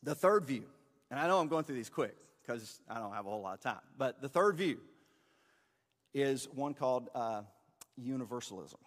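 A man's voice: medium pitch, animated, moderate pace, big-room sound. A man teaching a church class in a conversational, explaining way, with fillers and restarts. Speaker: pastor or teacher.

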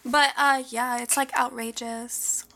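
A young woman co-hosting a podcast, gossiping casually, saying "like" constantly, with excitable gasps and squeals. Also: on the high side, slow pace, gravelly. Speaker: podcast co-host.

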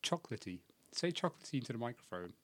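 Podcast co-host: young man, self-mocking ramble, pitched a bit high, dry studio. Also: animated, a little fast, dry recording. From England. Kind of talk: casual chat.

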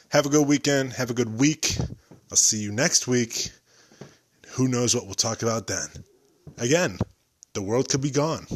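A young man hosting a solo podcast, rambling and joking about himself. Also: mid-range voice. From United States. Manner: joking, rambling, self-deprecating. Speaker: podcast host.

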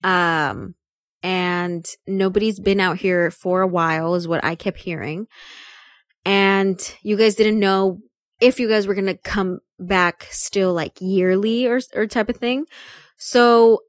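A woman's voice: mid-range voice, fairly even intonation, slow, no room sound, studio quality. A young woman co-hosting a podcast, chatting casually and telling stories with lots of fillers. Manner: chatty storyteller, many fillers like "like" and "um". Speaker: podcast co-host. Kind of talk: casual chat.

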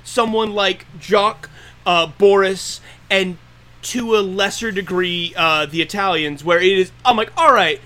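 A man's voice: high-pitched, unhurried, pushed and bright. A man co-hosting a podcast in casual chat, thinking aloud and repeating words as he starts over. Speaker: podcast co-host.

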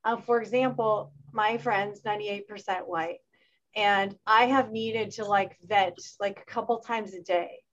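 A woman in a casual panel discussion, talking in an animated way and acting out the voices of people she quotes. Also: medium pitch, measured pace, highs cut off. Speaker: panel guest.

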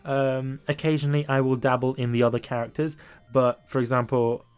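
A young man hosting a casual podcast, talking in an animated, laughing way and often repeating himself. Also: medium pitch, a little fast, clear, resonant tone, soft background music. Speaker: podcast host. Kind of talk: casual gaming podcast chat.

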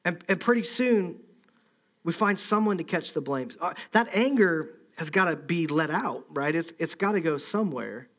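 A man's voice: fairly high pitch, lively intonation, normal speed, fairly bright tone. A man preaching a conversational sermon, acting out the voices of an angry crowd. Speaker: pastor.

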